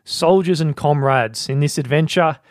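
A man's voice: on the high side, moderate pace, no echo, studio quality, close to an everyday voice. A man voicing an ancient general giving a grand, declaiming speech to his soldiers in a put-on accent. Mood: rousing.

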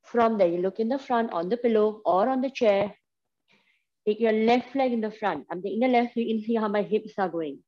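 A woman's voice: medium pitch, brisk, dull audio. A woman with an Indian English accent leading a yoga class, giving encouraging step-by-step cues. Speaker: yoga instructor. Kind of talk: guided yoga class instruction.

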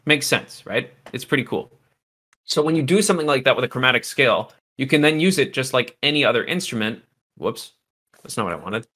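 A man walks viewers through music software in a relaxed livestream lesson, his voice bright and forward. He drifts into fillers and side remarks to the chat, and he sounds slightly hoarse from losing his voice. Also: mid-range voice, brisk. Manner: loose and chatty, many fillers and asides to chat. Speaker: music production teacher. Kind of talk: casual livestream tutorial.

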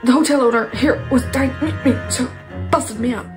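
A woman's voice: high voice, brisk, lightly acted. A woman reading a gloating male ghost king villain aloud from a video game, in a hammy, mocking way. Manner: reads the game's text aloud, hammy and mocking. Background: game music.

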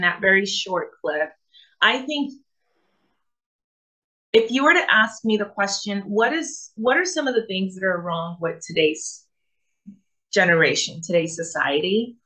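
A woman's voice: medium pitch, lively intonation, a little slow, pushed and bright, low-quality recording. A woman from Africa hosting a reaction video, commenting thoughtfully and often restarting her sentences. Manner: thoughtful, hesitant, with frequent restarts. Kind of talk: casual commentary.

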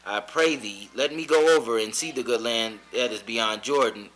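A man reading scripture aloud in a steady, measured way. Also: medium pitch, poor audio. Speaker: scripture reader.

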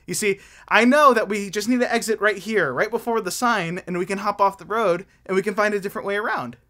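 A man voicing a calm, confident female truck in a kids' church story, speaking reassuringly. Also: high voice, fairly quick.

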